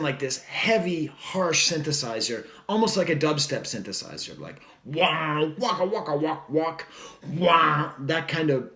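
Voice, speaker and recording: A man's voice: on the high side, fairly bright tone. Chatty man reviewing records, roomy sound. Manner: rambling, filler-heavy, enthusiastic, jokey asides. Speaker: music reviewer. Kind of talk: casual record review monologue.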